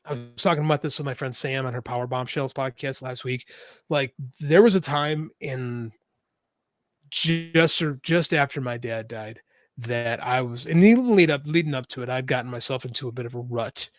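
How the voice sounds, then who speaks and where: A middle-aged man who writes books and co-hosts a podcast speaks frankly and at length in a relaxed interview. His voice is mid-range at a normal speed, and he swears freely and frequently restarts his sentences.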